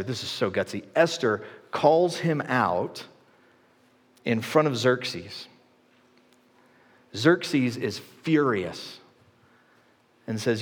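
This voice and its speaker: Male pastor preaching in a reverberant hall. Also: mid-range voice. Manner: conversational, animated storytelling. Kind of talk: sermon.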